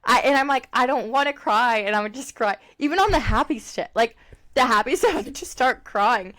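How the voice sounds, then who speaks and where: A young woman co-hosts a podcast in casual chat, her fairly high voice expressive, brisk and a bit bright. She's chatty and rambles, filling her talk with many fillers and laughing often.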